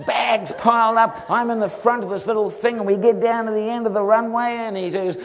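Male preacher, animated storyteller, slightly high voice, in a reverberant hall. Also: normal speed. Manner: animated storyteller, acts out voices, laughs often.

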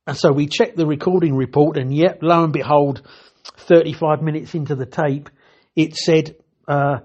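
Over lo-fi sound, an older man with a fairly high yet darkish voice speaks steadily at normal speed. The retired TV technician spins chatty anecdotes about his career, breaking off mid-thought and slipping in dry humor.

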